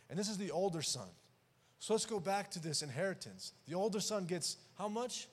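A man preaching a sermon who swings between loud and hushed passages and acts out the dialogue of the story. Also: high-pitched, lively intonation, a little fast, husky. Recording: long hall reverb.

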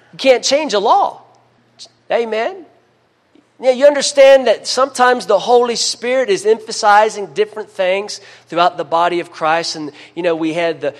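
A man preaching a sermon, emphatic, calling for amens and dropping to a hush between louder bursts. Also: high-pitched. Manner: emphatic preaching with call-and-response amens, swings between loud and hushed.

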